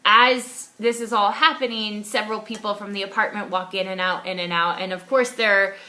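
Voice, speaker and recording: A young woman casually recounting a personal story, animated, with frequent fillers and restarts. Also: mid-range voice, moderate pace.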